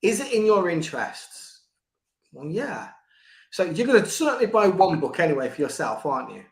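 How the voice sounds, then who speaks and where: This older book coach talks in an interview setting with an echoey sound, animated, restarting sentences now and then and performing quoted voices. He speaks at a moderate pace in a high-pitched voice.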